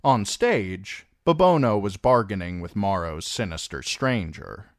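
A man reading a novel chapter aloud as narrator, slow and expressive. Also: on the low side, no echo, clean studio sound. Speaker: audiobook reader. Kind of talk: storybook narration.

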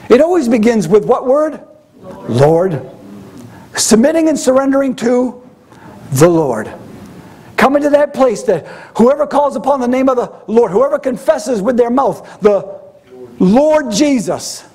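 Husky-voiced guy preaching, lots of questions and repeats, voice jumps all over. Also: high voice, very animated, normal speed, dark tone. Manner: preaching with rhetorical questions and repetition. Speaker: pastor. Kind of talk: sermon.

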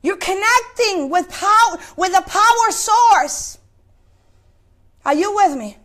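Woman preacher, very high voice, sermon delivery, questions to the congregation, halting repeats. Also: expressive, a bit bright. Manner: asks the congregation questions, repeats words while searching. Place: place of worship.

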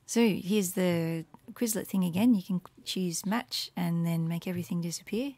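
Low-voiced woman casually walking through lessons. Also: moderate pace, no room sound. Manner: casual and rambling, with many fillers and soft murmured asides. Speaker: Latin teacher making resources. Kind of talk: screen walkthrough tutorial.

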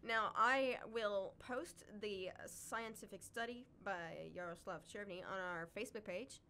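A woman's voice: mid-range voice, a little slow, pushed and bright, slight background noise. A woman co-hosting a casual chat, talking with chatty enthusiasm and frequent laughs. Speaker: podcast co-host, wildlife sanctuary keeper.

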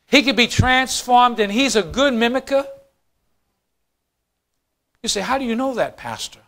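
A man preaching a sermon as pastor, swinging from quiet, low lines to fast, loud bursts. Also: lively intonation.

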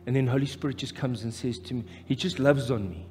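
A man's voice: medium pitch, fast talker, dark tone. A South African pastor with an Afrikaans-tinged accent preaching a live sermon, impassioned and repeating his phrases. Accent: South African, Afrikaans-influenced. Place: church hall. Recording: live church hall reverb with music.

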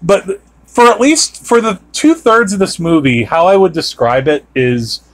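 A man's voice: sits high, lively intonation, measured pace. A man hosting a podcast, chatting casually and rambling with many fillers and restarts. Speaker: podcast host. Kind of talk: casual chat.

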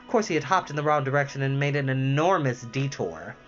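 Lively male storybook reader. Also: medium pitch, brisk, lo-fi sound, faint music behind. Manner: lively, with asides and self-corrections. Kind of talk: storybook reading aloud.

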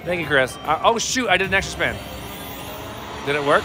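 A high-pitched man with a lively, bouncing delivery, joking and laughing as he hosts a casual live stream. He reads chat aloud over loud slot machine music on a casino floor. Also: a little fast, pauses often. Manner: playful, laughs often, teasing banter.

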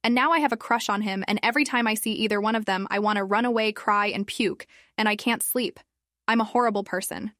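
A woman's voice: medium pitch, fast, a bit bright, no echo, studio quality, lightly acted. A woman voicing an upset, blunt teenage girl who talks in whiny, exasperated outbursts. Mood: distraught.

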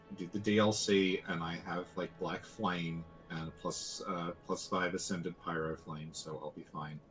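A man co-hosting a game stream, talking in a relaxed, rambling way with many fillers and dry, self-mocking humor. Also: low voice, rough recording. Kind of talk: casual stream chat.

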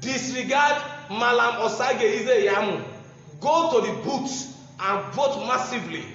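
High-voiced Nigerian man in an echoey hall. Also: a bit bright. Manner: combative, mocking and preachy, repeats phrases for emphasis. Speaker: political speaker. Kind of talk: impassioned political address. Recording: echoey room, dull lo-fi sound, faint noise.

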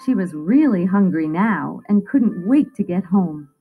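Lively woman narrator for a picture book, music faint. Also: lowish voice, measured pace, phone-quality sound. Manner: expressive storytelling. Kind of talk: children's story read-aloud.

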